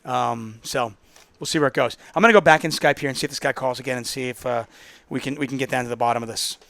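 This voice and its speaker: A man's voice: medium pitch, quick pace, gravelly, fairly bright tone, no echo. A man hosting a casual call-in poker podcast, telling stories in a chatty, rambling way. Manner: chatty, storytelling, self-interrupting. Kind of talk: casual solo call-in show talk.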